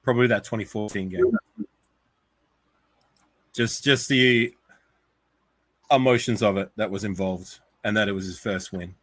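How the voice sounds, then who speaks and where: A man's voice: lowish voice, fairly even intonation, a little slow, long pauses, dry recording. A man with an Australian accent, a guest in a casual sports chat, arguing his point and saying "like" often. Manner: argumentative, uses "like" often.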